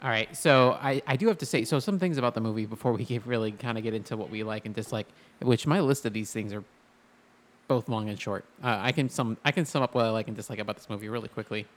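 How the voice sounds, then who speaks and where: A man's voice: lowish voice, fast talker. A man co-hosting a podcast, chatting casually while reviewing a movie, rambling and laughing often. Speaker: podcast co-host.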